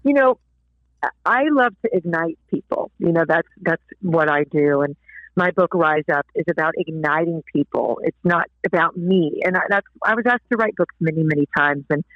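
A woman guest telling a faith story in an interview, animated, acting out the people she quotes. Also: low voice, moderate pace, no echo. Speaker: guest author. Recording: tinny phone line.

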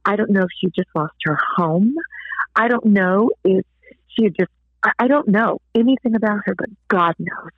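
A woman guest telling a faith story in an interview, animated, acting out the people she quotes. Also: mid-range voice, normal speed, no echo. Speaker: guest author. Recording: tinny phone line.

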